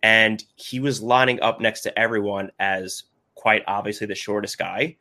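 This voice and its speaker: A man's voice: on the low side, little pitch movement, normal speed, bright, forceful tone. A man appearing as a podcast guest, explaining his player analysis in chatty detail during a casual sports conversation.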